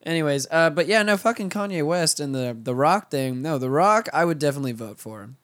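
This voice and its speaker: A man's voice: a little high, lively intonation, brisk, a bit bright, no room sound. A man co-hosting a podcast in casual banter, joking and swearing, often laughing. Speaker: podcast co-host.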